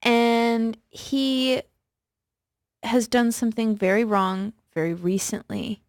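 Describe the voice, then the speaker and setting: A woman's voice: fairly high pitch, fairly even intonation, slow pace, no echo. A woman co-hosting a show in casual chat, dry and matter-of-fact.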